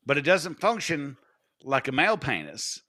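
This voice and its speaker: Bright-voiced crude podcast host man. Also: on the high side, wildly swooping pitch, normal speed. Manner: crude, blunt humor. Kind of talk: casual podcast chat.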